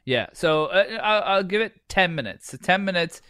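A man's voice: high voice, lively intonation, normal speed, pushed and bright, clear, resonant tone, no echo. A man co-hosting a casual podcast, swearing freely, laughing often and trailing off into restarts. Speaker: podcast co-host. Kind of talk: casual chat.

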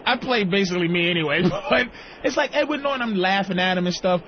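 A man's voice: sits high, lively intonation, fast talker. A man co-hosting a radio talk show, telling crude, profane stories and acting out other people's lines. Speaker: co-host and comedian. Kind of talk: profane storytelling with voices. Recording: dull radio-show audio with faint hiss.

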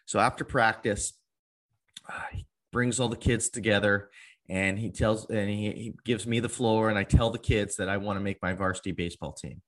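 A man's voice: on the low side, steady tone, moderate pace, a bit bright. A man in his twenties telling his life story as an interview guest, earnest and acting out old conversations. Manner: earnest, acts out past conversations in quotes.

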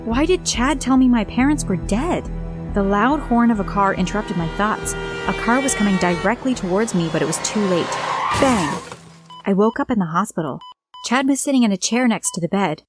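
A woman's voice: medium pitch, moderate pace, a little hiss or hum. A woman reading a scripted first-person story aloud, voicing all the characters herself.

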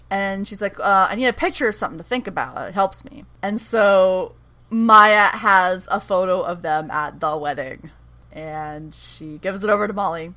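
Bright and forceful, this woman's voice sits on the low side and moves at a normal speed as she co-hosts a podcast. She casually chats through a show recap, animatedly retelling it with quoted dialogue and frequent laughter.

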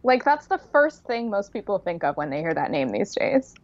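A woman's voice: mid-range voice, sing-song, normal speed, lo-fi sound. A woman co-hosting a podcast in casual chat, with a wry, dry sense of humor. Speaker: podcast co-host. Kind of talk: casual chat recapping a reality show.

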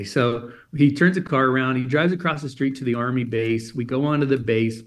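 A man's voice: mid-range voice, fairly quick. A man telling a personal story in an interview, animating the scene by acting out what each person said, with frequent "he goes" and "I go". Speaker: interview guest, dream coach.

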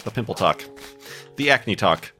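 A man's voice: lowish voice, expressive, measured pace, sharp tone, soft background music. A man rambling chattily through casual let's-play commentary with self-mocking asides, a bit stuffy from a cold. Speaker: gaming YouTuber.

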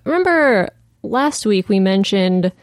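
A woman's voice: medium pitch, expressive, slow, no echo, clean studio sound. A woman co-hosting a casual podcast, reading a listener's email aloud and laughing easily between lines. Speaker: podcast co-host.

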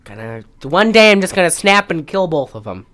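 Low-voiced rambling woman podcaster. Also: sing-song, brisk, a bit bright. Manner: rambling, many fillers and "like"s. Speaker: podcast host. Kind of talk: casual chat recapping a film.

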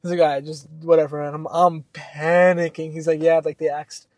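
Young male co-host, slightly high voice, dry close sound, rambling animated storyteller. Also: moderate pace, no echo. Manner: animated, swearing, many fillers. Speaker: podcast co-host. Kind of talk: casual storytelling chat.

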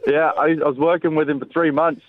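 A man's voice: a little high, steady tone, fast, dry recording. Australian man on a tinny phone line. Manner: crude, chatty, swears freely. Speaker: caller. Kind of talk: recorded voice message.

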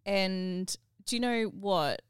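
A middle-aged woman co-hosting a podcast, telling stories in an animated, emotional way. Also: medium pitch, slow, clear, resonant tone, no echo, clean studio sound. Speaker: podcast co-host. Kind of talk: casual chat.

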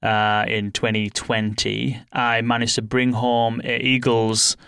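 A man's voice: medium pitch, little pitch movement, slow pace, creaky, fairly bright tone, clean tone, no room sound, studio quality. A man hosting a podcast, chatting easygoing and laughing often. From United Kingdom. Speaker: podcast host. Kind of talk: casual interview chat.

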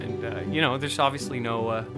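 A man co-hosting a comedy podcast, riffing in a playful, animated way. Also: mid-range voice, fairly quick, over loud music. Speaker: podcast co-host. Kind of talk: improvised comedy chat.

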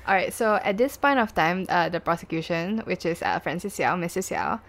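A woman's voice: lowish voice, normal speed. A Singaporean woman hosting a casual true-crime podcast, chatty and full of fillers. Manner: chatty, lots of likes and lah. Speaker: podcast host.

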